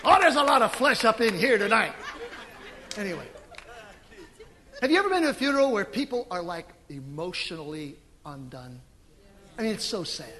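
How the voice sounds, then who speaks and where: Man preaching in a church, high bright voice, long reverb, emphatic swells. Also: normal speed, long pauses, a faint crowd, slight background noise. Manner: animated, emphatic preaching with sudden loud swells. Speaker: pastor. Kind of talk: sermon. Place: church sanctuary.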